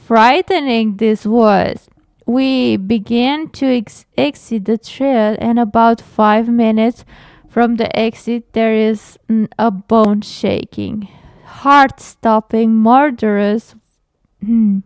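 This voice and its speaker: Young woman, higher voice, reads horror aloud haltingly and breaks off to react. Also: clear, resonant tone, no echo, studio quality. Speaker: horror story reader and reactor. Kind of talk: reading a story aloud with reactions.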